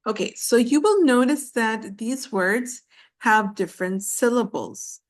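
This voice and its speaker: A woman teaching on a video call, her voice sitting a little high. she talks slowly and patiently, drawing words out, stopping to say um and repeat herself so the class can follow along. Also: animated. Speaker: English teacher. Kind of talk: online class teaching pronunciation.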